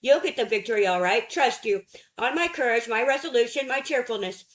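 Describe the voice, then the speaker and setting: A woman's voice: on the high side, expressive, a little fast, echoey room, lightly acted. A woman voicing a sardonic working-class London Cockney man in an audiobook reading, speaking with mocking, bitter sarcasm.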